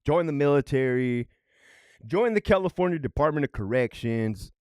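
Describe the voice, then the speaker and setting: A man's voice: mid-range voice, moderate pace, dry recording, clean studio sound. A middle-aged man, a former correctional officer, telling prison stories in a profane, worked-up way and keeps asking "right?". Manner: animated and worked up. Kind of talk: storytime commentary.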